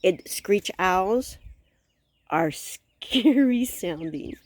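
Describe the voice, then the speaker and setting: A woman's voice: medium pitch, lively intonation, very slow, dry recording. A woman vlogging from a rural campsite, telling stories animatedly with gasps and exclamations. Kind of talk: casual vlog chat.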